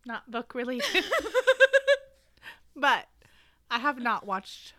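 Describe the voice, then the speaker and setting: A young woman co-hosts a casual podcast with dry, offhand remarks. Her bright voice sits high and moves up and down a lot. The recording is close and completely dry. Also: huge pitch swings, drawn-out words, no room sound. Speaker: podcast co-host.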